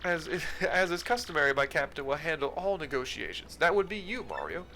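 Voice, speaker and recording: A man's voice: on the high side, sing-song, fairly quick, pushed and bright, a little hiss or hum, exaggerated voice. A man voicing a boastful, vain male explorer with a fancy accent, talking in a pompous, grandiose way.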